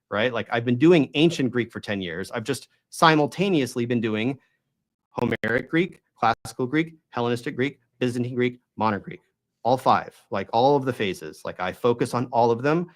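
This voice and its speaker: A man hosting a Bible study channel, explaining at length in an emphatic, argumentative way and often checking in with the listener. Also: mid-range voice. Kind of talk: explanatory monologue on Greek pronunciation.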